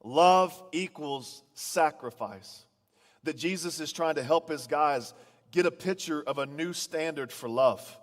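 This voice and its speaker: A man's voice: on the high side, normal speed. A male pastor giving a sermon in a church, telling stories in a conversational way and often repeating his first words. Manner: conversational storytelling preacher, repeats starting words. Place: church auditorium. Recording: long reverb of a large hall.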